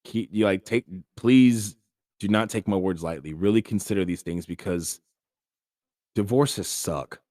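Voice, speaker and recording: A man's voice: fairly low pitch, measured pace, mellow, no room sound, studio quality. A man hosting a podcast, talking earnestly and casually with frequent fillers. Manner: earnest, conversational, many fillers. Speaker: podcast host. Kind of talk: casual monologue on faith.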